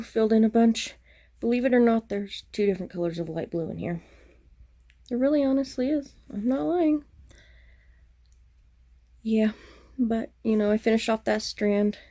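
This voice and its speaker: Flat, throaty woman vlogger. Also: a little high, no echo. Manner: self-deprecating, apologetic, rambling. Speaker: cross-stitch vlogger. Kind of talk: casual show-and-tell chat.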